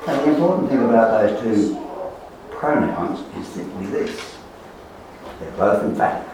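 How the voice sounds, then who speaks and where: Male preacher, mid-pitched, slow and emphatic, heavy echo, off-mic. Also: a little hiss or hum. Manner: slow, emphatic, repeats key words and trails off softly. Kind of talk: sermon. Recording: roomy echo, voice far from the mic.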